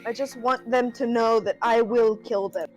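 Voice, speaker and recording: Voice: medium pitch, steady tone, moderate pace, faint music behind, natural voice, poor audio. A player voicing a menacing half-orc warrior. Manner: growling menace, vows of violence. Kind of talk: in-character tabletop role-play.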